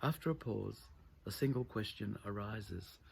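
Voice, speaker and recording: A man reading his own literary prose aloud in a measured, reflective way. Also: on the low side, expressive, creaky, slightly rough.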